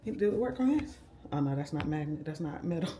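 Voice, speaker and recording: Woman, young adult, casual vlog, slightly low voice, faint background noise. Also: expressive, a little fast, mellow. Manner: chatty, laid-back, addresses viewers as y'all. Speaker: vlogger. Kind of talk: casual vlog chat to camera. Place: at home, indoors. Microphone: handheld camera.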